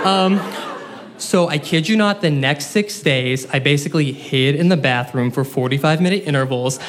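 A young man with a slightly higher voice tells a comic personal story to a live crowd. He is animated and self-mocking and tosses in quick asides.

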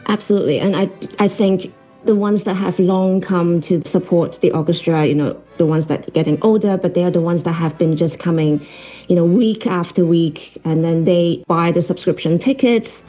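Woman conductor from Hong Kong, low mellow voice, earnest, filler-heavy interview answers, faint music behind. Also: normal speed. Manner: earnest, lots of fillers, laughs while telling stories. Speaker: orchestra conductor. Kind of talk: broadcast interview.

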